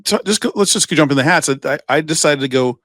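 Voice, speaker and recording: This podcast co-host talks fast in a slightly high, bright, expressive voice. Chatting casually, he rambles playfully through stories and keeps starting his sentences over.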